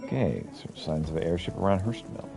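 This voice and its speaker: A man streaming a video game, making relaxed, musing comments as he plays. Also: low-pitched, a little fast, gravelly, over loud music. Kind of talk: casual gameplay commentary.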